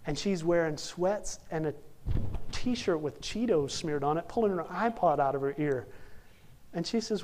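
A young man preaching a sermon, telling a humorous story and acting out the characters in animated bursts. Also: on the high side, moderate pace. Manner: animated, jokey, acts out characters.

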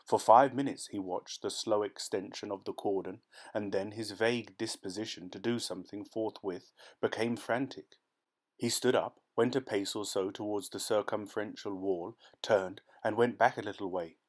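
A man narrating a classic short story as an audiobook, reading in a steady, measured way. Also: on the low side. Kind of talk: scripted narration.

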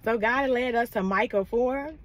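A woman's voice: fairly high pitch, moderate pace. A woman preaching a prophetic word in a fervent call-and-response manner, often repeating "come on now" and calling listeners "baby".

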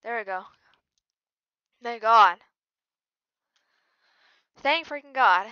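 A woman's voice: fairly high pitch, expressive, very slow, clear, resonant tone, dry recording, muffled recording. Jittery, slangy woman gamer. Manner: jittery, swings from mumbling to sudden yelling; slangy, keeps saying "bro" and "freaking". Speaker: gaming channel host. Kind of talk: casual gameplay commentary.

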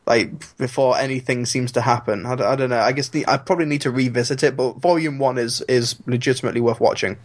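A man's voice: medium pitch, fairly even intonation, quick pace, hardly any pauses. A man co-hosting a film podcast, giving a hesitant opinion with fillers. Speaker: podcast co-host. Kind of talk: casual film chat.

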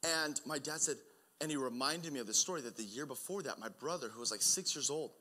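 A young man preaching a sermon, telling personal stories in a conversational way that builds to loud, urgent emphasis. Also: mid-range voice, fast talker. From Oregon, United States. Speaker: pastor.

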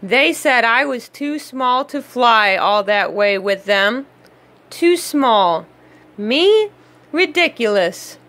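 Woman as proud little storybook duck, squawky, high, bright. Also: expressive, slow. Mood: indignant. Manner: indignant and squawky.

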